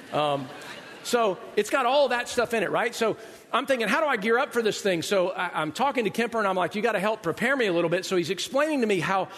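A middle-aged pastor with a high-pitched, slightly bright voice delivers a sermon in a large church hall. He tells conversational stories with self-deprecating humor, and the recording carries the hall's long reverb.

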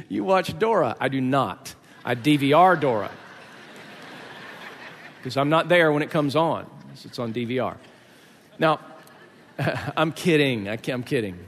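A man's voice: mid-range voice, a little hiss or hum. Joking preacher man in an echoey hall. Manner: conversational and joking, with many fillers. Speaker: pastor. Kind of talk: sermon.

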